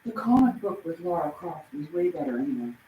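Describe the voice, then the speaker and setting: A woman's voice: low-pitched, sing-song, brisk, phone-quality sound, a little hiss or hum. A woman chatting casually on a livestream, rambling and laughing often. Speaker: livestream host.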